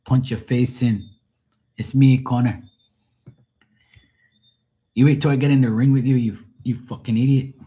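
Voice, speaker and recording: A Bermudian man putting on a brash, foul-mouthed Irish prizefighter who shouts swearing taunts. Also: mid-range voice, steady tone, normal speed, long pauses, voice pushed up, natural voice, rough recording. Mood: taunting.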